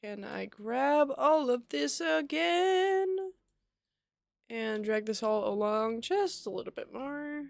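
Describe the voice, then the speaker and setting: A woman with a slightly high voice talks slowly and casually on a live stream, often muttering to herself as she codes. The sound is close and dry, with no room echo. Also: lively intonation, creaky. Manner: muttering to herself while working, then bursting into laughter. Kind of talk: casual live-stream chat while coding.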